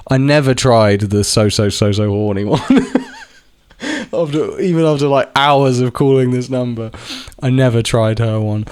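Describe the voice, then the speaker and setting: A man's voice: medium pitch, darkish tone, clear, resonant tone, no echo. A young man talking casually to camera, rambling with lots of restarts and the odd swear word. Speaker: vlogger. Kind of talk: casual monologue.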